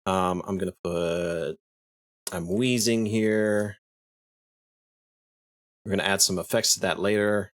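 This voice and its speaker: A man's voice: low-pitched, steady tone, brisk, hardly any pauses, a bit bright. A man who streams, casually walking through his video editing on screen while thinking aloud, restarting sentences and chuckling now and then. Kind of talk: casual screen-share tutorial.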